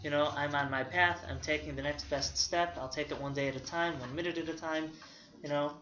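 A man's voice: on the high side, steady tone, a little fast, bright, forceful tone, a little hiss or hum. A man who works as a therapist gives an informal recovery lecture from slides, stopping after nearly every point to ask "okay?" and drawing on personal examples. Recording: roomy, dull lo-fi audio.

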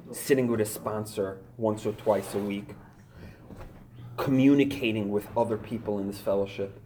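A lower-voiced middle-aged man speaks with driving intensity. He hammers his points home through repetition, like someone sharing hard truths at a recovery meeting. Faint noise sits underneath. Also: warm tone. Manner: intense, repetitive, emphatic preaching tone. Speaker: recovery fellowship member sharing.

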